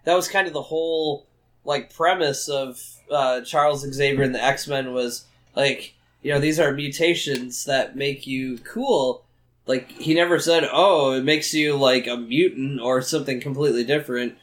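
A man chatting on a podcast in a halting way, full of fillers and restarts. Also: mid-range voice, a bit bright. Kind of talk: casual podcast chat.

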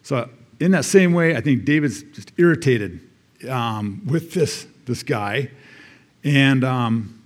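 A man's voice: mid-range voice, lively intonation, slow pace. American man preaching in a conversational way. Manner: conversational, reading scripture aloud with asides. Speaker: church elder preaching. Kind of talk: sermon.

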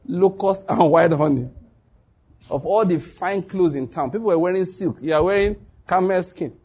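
A man preaching a sermon, telling stories with lively acted-out dialogue and frequent laughter. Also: high-pitched, breathy edge. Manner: animated storytelling, laughs often, acts out dialogue.

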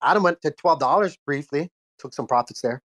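A man's voice: on the high side, animated, brisk, a bit bright, dry recording. A man in his thirties hosting a casual chat, telling a rambling story with restarts and laughs, a bit under the weather. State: unwell with a cold. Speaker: host. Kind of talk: casual chat on a live audio space.

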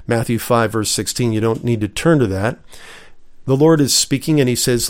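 Man from the US, Bible teacher, mid-pitched voice, earnest and emphatic, reading scripture slowly between points. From United States. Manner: earnest, emphatic, reads scripture aloud with pauses. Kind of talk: recorded Bible lesson.

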